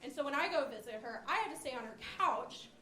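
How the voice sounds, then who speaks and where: Fast and expressive, a young comic with a high, sharp-toned voice tells self-deprecating stories full of fillers. The audio from the comedy club stage has a little hiss or hum, roomy club acoustics and audience laughter.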